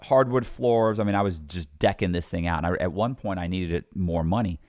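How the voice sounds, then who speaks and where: A middle-aged man casually telling a story, chatty and animated, retelling conversations as dialogue. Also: sits low, brisk, dry recording, clean studio sound. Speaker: guest telling his own story.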